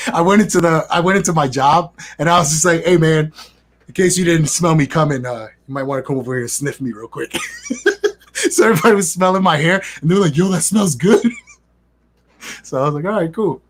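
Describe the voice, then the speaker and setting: A young man telling a casual, profane story in an interview and acting out the dialogue. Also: on the high side. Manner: animated, profane, acts out quoted dialogue. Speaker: guest, business affiliate.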